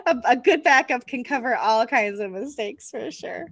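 A woman in her forties hosting a podcast interview, chatty and quick to laugh. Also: a little high, expressive, no room sound. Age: 40s. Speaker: podcast host. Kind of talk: casual interview chat.

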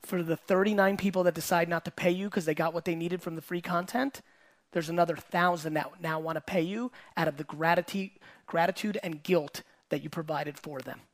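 A middle-aged man with a high voice speaks to a live audience. His delivery is blunt and punchy, and he swears casually and repeats key lines for emphasis. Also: fairly even intonation, brisk. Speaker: entrepreneur and host. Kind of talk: keynote talk to a live audience.

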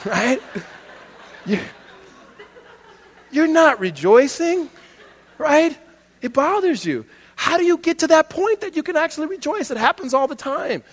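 A man preaching a sermon, telling stories animatedly and dropping to a soft voice for emphasis. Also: extremely high pitch, big-room sound. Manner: animated storytelling, laughs often, drops soft for emphasis. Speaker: pastor.

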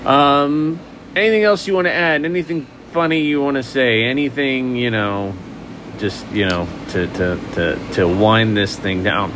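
Male podcast host, mid-pitched, casual and stammering. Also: unhurried, background noise. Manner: stammering, repeats words.

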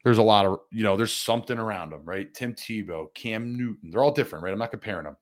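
Earnest, low-voiced man hosting a chat. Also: fast. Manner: earnest, reflective, full of rhetorical questions. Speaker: podcast host, former player. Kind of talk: casual interview chat.

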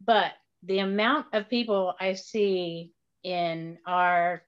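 Slow, hesitant middle-aged woman. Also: fairly low pitch, fairly even intonation, clear, resonant tone, muffled recording. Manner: hesitant, lots of fillers. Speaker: guest. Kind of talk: casual interview chat.

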